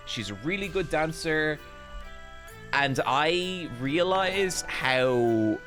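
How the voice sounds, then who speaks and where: A man with an Irish accent hosting a podcast, telling an embarrassing story in a casual, animated, self-deprecating way and swearing freely. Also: mid-range voice. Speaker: podcast host.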